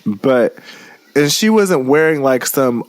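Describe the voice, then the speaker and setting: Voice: medium pitch, lively intonation, slow pace, dry recording. A podcast co-host in casual, profane chat who laughs hard at the stories.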